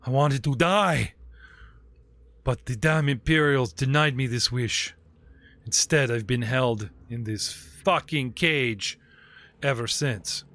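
A man's voice: medium pitch, slow, fairly bright tone. A man voicing a despairing fallen alien Jedi master who is caged, bitter, self-pitying and prone to swearing. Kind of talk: tabletop role-play character voice.

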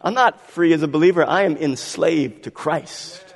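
A man preaching a sermon as pastor, swinging between quiet, drawn-out lines and loud, pressing ones. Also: fairly high pitch, gravelly. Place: church sanctuary. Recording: long hall reverb.

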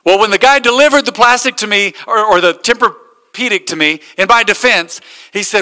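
A man's voice: sits high, brisk, bright, forceful tone, long reverb tail. A man, a pastor, preaching a sermon and telling stories with acted-out quotes. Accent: American.

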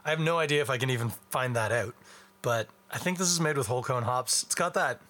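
A man's voice: mid-range voice, fast, a bit bright. A middle-aged man from Canada hosting a beer podcast in a chatty, wry, rambling way. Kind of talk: casual beer review chat.

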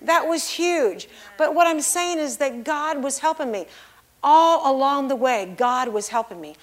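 A woman giving a sermon and personal testimony, swinging between hushed, near-whispered passages and loud, emphatic exclamations as she explains scripture. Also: high voice, lively intonation, measured pace. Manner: emphatic, expository. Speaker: preacher.

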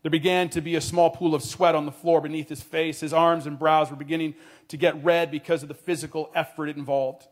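A man telling a story in a sermon, earnest, dropping his voice quietly at tender moments. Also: a little high, level tone, fairly quick.

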